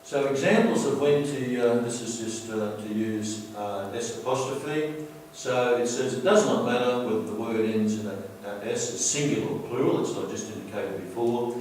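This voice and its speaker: A man teaching a grammar lesson over slides, explaining patiently and repeating himself, slowing down to stress key words. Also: mid-range voice, a little mellow, slight background noise. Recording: very echoey room, distant mic.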